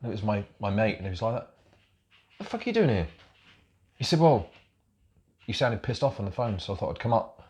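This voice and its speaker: Here a podcast guest, a middle-aged military veteran from England, recounts his story at a fast clip in a lowish, slightly mellow voice. The conversation is loose storytelling, and he's frank, grimly humorous and frequently profane.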